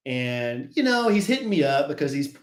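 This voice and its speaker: A man's voice: fairly high pitch, normal speed. Laid-back man telling stories, roomy sound. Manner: laid-back storytelling, animated. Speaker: podcast co-host. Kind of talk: casual chat. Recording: roomy echo.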